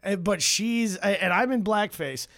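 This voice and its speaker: A man's voice: sits high, measured pace, creaky, pushed and bright, no echo, studio quality. A man co-hosting a podcast, trading crude jokes and laughing often. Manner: joking, laughs often, mock impressions. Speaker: podcast co-host. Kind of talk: crude comedic banter.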